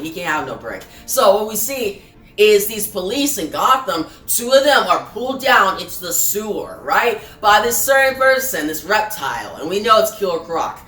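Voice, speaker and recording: A woman's voice: mid-range voice, sharp tone. Woman, casual comic review host, chatty recap, roomy echo, mic set far off, faint music underneath. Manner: chatty, keeps asking "right?". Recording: echoey room, distant mic, faint music.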